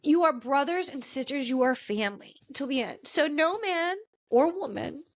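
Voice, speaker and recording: Woman podcast host, choked-up and halting, slightly high voice. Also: expressive. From Washington, D.C. area. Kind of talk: casual podcast commentary.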